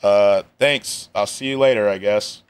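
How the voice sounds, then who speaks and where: A man's voice: on the low side, a little slow, faint music behind. A man casually reacting to a video on a live stream, talking in a laid-back, slangy way with joking asides.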